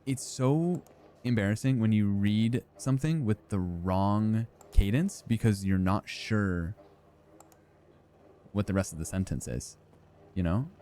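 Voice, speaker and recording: A man's voice: fairly low pitch, dark tone, slight background noise. A young man streaming a game, rambling and joking, with lots of fillers and swearing. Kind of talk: casual gameplay commentary.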